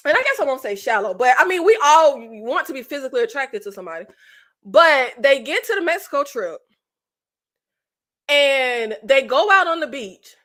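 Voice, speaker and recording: A woman hosting her own channel, recapping a reality show in a blunt, animated, exasperated way with casual swearing. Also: high voice. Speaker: channel host reviewing reality TV.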